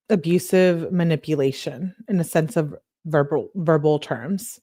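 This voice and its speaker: Female commentator, lowish voice, chatty, reads texts aloud, dry close mic. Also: moderate pace, few pauses, warm tone, dry recording. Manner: chatty, laughs often, talks to chat. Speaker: true crime commentator reading texts. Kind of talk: casual commentary reading messages aloud.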